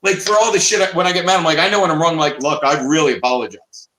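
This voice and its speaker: A man co-hosting a casual livestream chat, loud and swearing, laughing through his stories. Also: on the high side, fast talker. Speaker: co-host. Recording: echoey room.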